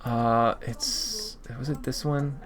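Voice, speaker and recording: A man's voice: medium pitch, steady tone, slow. A man streaming a map game, talking casually to himself, often frustrated and swearing. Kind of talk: casual gaming stream commentary.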